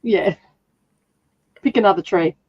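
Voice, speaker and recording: A woman's voice: mid-range voice, a little slow, husky, no echo, highs cut off. An Australian woman hosting a casual reading livestream, chatty and laughing often as she greets viewers. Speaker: reading sprint host.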